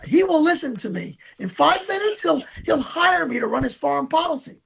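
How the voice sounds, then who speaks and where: A man's voice: extremely high pitch, lively intonation, a little fast, vocal fry, background noise. An older man, chatting as an interview guest and telling long boastful stories in a rambling way. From New York. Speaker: band member, guest. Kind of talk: casual chat. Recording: dull lo-fi recording.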